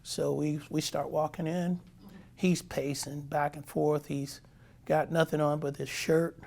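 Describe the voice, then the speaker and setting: A man in his sixties, a former pitcher, telling a lively anecdote as a guest. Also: unhurried, gravelly. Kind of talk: storytelling anecdote.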